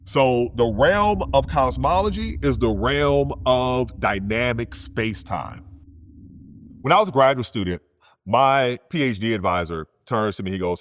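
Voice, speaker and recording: A man, a physicist, telling science stories in a relaxed, conversational way, often adding "you know" and "right?". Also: medium pitch, measured pace, no room sound, studio quality. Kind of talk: storytelling science talk.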